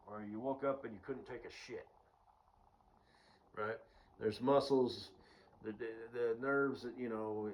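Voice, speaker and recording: A man's voice: medium pitch, low-quality recording. A man rambling through a casual solo monologue, profane and full of fillers. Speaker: vlogger.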